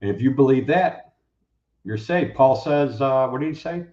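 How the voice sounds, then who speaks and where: A man talking as a guest, preaching in a casual, animated way and acting out the people he quotes. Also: mid-range voice, normal speed. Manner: animated, acts out quoted speakers. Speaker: guest, Bible teacher. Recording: roomy, dull lo-fi sound.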